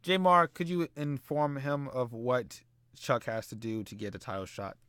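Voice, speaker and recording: A man voicing a brash male wrestling general manager who waves others off with casual bragging. His voice sits at an ordinary pitch, recorded dry and close. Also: steady tone, moderate pace, fairly bright tone, clear, resonant tone, no echo, lightly acted. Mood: dismissive. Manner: dismissive, boastful.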